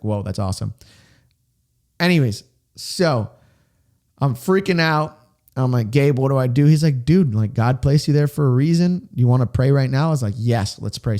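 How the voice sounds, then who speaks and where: A young man hosting a podcast, telling a personal story in a casual, excitable way, with "dude" and "like" all through it. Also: medium pitch. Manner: excited, chatty, says "dude" and "like" often. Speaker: podcast host.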